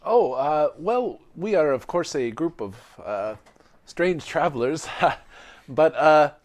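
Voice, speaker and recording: A man voicing a gentle rodeo clown who stammers and hesitates. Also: fairly high pitch, animated, takes it slowly. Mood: earnest.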